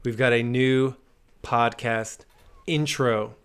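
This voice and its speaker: A man's voice: mid-range voice, steady tone, slow pace, fairly bright tone, clear, resonant tone. A man co-hosting a business podcast in casual, joking banter. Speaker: podcast co-host.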